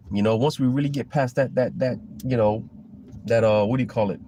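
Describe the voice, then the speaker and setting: A man's voice: mid-range voice, moderate pace, mellow, a little hiss or hum. A man giving a casual, rambling preaching monologue about scripture, full of fillers and restarts. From Florida. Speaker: religious commentator.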